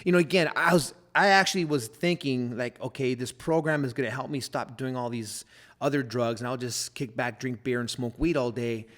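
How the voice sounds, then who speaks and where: A man's voice: medium pitch, moderate pace, a bit bright. Earnest man telling his testimony. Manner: earnest storytelling with many fillers. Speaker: pastor and podcast guest. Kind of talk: personal testimony in a podcast interview.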